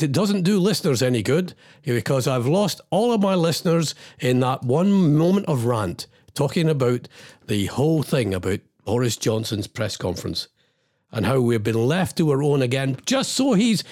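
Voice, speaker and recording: A middle-aged man hosting a radio show, and his voice sits a bit high and swings widely in pitch. He rambles on in exasperation and keeps throwing in wry asides. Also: darkish tone. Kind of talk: ranting radio chat.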